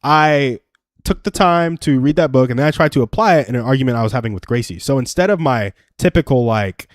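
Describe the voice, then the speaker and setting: A man's voice: mid-range voice, animated, fairly quick, no room sound, clean studio sound. A young adult man hosting a live stream, giving earnest, self-deprecating advice through personal stories in a casual chat.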